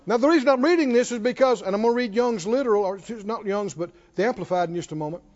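Speaking quickly in a high, slightly mellow voice, a man delivers a sermon to his congregation in a church hall, repeating phrases for emphasis and urging them to respond. The recording is reverberant, dull, and lo-fi.

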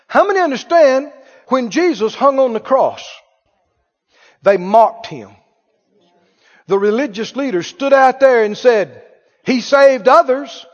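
A male pastor preaching a sermon, animated, putting questions to the congregation and drawing responses. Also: extremely high pitch, unhurried, long pauses. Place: church sanctuary. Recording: muffled, reverberant church hall.

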